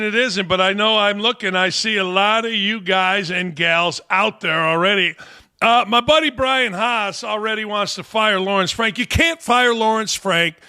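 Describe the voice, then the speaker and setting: A man's voice: sits high, sharp tone. An older man hosting a live fan Q&A stream, talking in a brash, profane, rambling way and telling stories. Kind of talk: casual live-stream chat.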